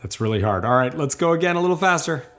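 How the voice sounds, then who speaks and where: Encouraging male banjo teacher, slightly high voice. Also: fast, loud music behind the voice. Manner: calm, encouraging, explanatory. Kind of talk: instructional lesson.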